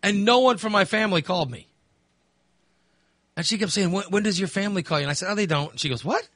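A man's voice: sits high, fast talker, a bit bright, no echo. A man in his fifties, hosting and telling a candid, rambling story in casual chat. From Texas. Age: 50s. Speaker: host.

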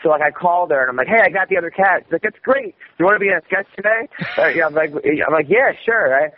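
A man with a fairly high voice tells a rambling, animated story, swearing freely and stumbling over restarts. The audio sounds dull, like an old radio broadcast, with a faint hiss underneath. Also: quick pace. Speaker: guest comedian. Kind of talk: casual storytelling.

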